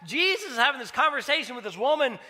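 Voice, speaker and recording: Bright high-voiced male pastor. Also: big pitch swings, fast. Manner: conversational, storytelling with acted dialogue. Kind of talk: sermon.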